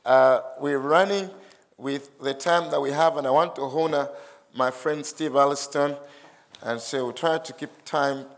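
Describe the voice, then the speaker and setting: A man's voice: mid-range voice, measured pace. A man preaching a sermon as a visiting speaker, chatty and self-deprecating, reading scripture aloud to a church congregation.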